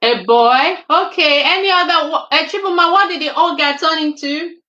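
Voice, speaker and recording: A woman hosting a children's reading show over a video call, briskly questioning and coaxing the young readers like a teacher. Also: sits high, pushed and bright, echoey room, dull audio. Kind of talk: casual chat quizzing children.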